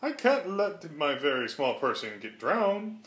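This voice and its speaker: A man's voice: a little high, very animated, unhurried, a bit bright. A man voicing a kind, faithful elephant who talks earnestly and pleads as he reads a storybook aloud. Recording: roomy echo.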